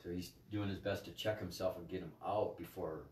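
A man's voice: low voice, steady tone, a little fast, darkish tone, a little hiss or hum. A man leading a spiritual group on a livestream, talking in a profane, scolding way. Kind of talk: livestream talk. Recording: echoey room, mic at a distance.

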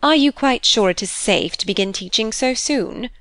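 A woman's voice: a little high, animated, moderate pace, fairly bright tone, no room sound. A woman voicing a fussy, inquisitive older lady of the manor in a storybook reading. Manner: doting, fussy.

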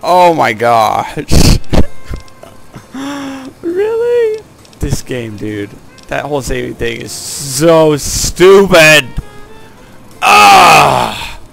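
Excitable gamer man, gravelly, slow talker, swings all over in pitch. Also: soft background music. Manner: excitable, yelps and grumbles at the game. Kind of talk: let's play commentary.

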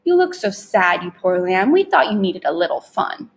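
A woman's voice: mid-range voice, big pitch swings, moderate pace, creaky. Woman reading a too-sweet mother in a storybook; cooing, singsong. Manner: cooing, reassuring.

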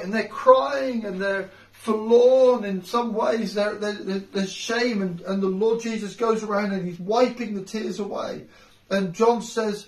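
A middle-aged man preaching an informal home sermon, earnest and repeating key phrases for emphasis. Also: high voice. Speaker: house church preacher. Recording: roomy sound from a distant mic.

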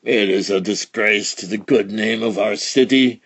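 A man's voice: lowish voice, unhurried, fairly bright tone, husky. A man reading aloud and voicing a snobbish, indignant mayor in a storybook. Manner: pompous, indignant.

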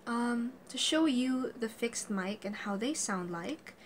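A woman with a somewhat high voice talks through a casual equipment tutorial. She is chatty and giggly and laughs often. Jokey asides break up the steps, and a faint hiss sits under the recording. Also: animated, slow. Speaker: tutorial host.

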